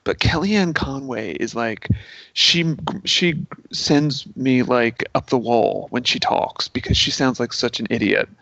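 Casual podcast guest, male, gravelly voice, laughs a lot, dull dry recording. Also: medium pitch, unhurried, bright, forceful tone. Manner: laughs often, gushing.

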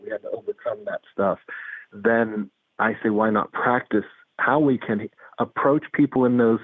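A man's voice: fairly low pitch, dry recording. A man, a psychologist guest in an interview, explaining earnestly with stories and often repeating words as he builds a point. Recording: tinny phone-like line, dry.

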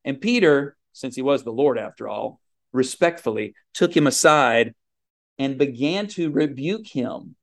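Guy giving a sermon, earnest and emphatic, lots of uhs and restarts, medium pitch. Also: animated, measured pace, gravelly. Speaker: preacher.

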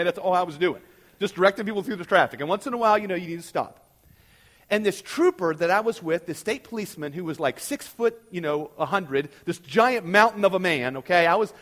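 A middle-aged pastor preaches through a personal story, checking in with his listeners as he goes. His voice sits high for a man and rises and falls widely. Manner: animated storytelling, often checking in with "okay?". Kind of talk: sermon.

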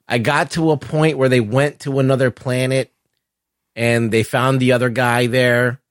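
Man, podcast co-host, middle pitch, casual low-key chat, crude, dry close mic. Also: fairly even intonation, a little slow, dry recording.

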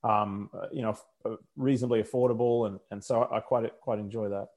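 Deep-voiced Australian man chatting. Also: fairly even intonation, fast talker, darkish tone. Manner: rambling, self-correcting, chuckling. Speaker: motorsport commentator. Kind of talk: casual chat.

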